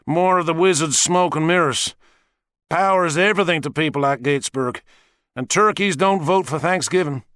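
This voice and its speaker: A male reader voicing a defiant young male police officer who talks in a forceful, scornful way. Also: on the high side, moderate pace, no echo, clean studio sound, pitched above the performer's own voice, lightly acted.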